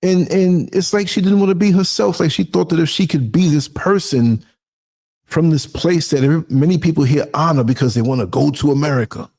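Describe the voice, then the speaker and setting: A man's voice: fairly high pitch, fairly quick, a little mellow. A middle-aged man from New York with a New York accent, hosting a talk show in a reflective, rambling conversational way. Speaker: host. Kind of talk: casual talk show monologue.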